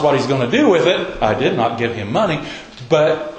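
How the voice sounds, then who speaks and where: A man's voice: fairly high pitch, big pitch swings, normal speed. A man preaching a sermon, telling the story in a folksy, conversational way. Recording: roomy echo.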